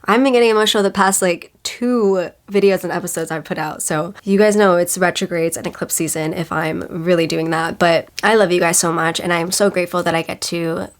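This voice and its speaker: A woman's voice: on the low side, fairly even intonation, brisk, hardly any pauses. A young woman in her twenties talking casually and earnestly to camera, giving astrology advice with lots of filler words. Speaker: astrology content creator. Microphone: camera mic.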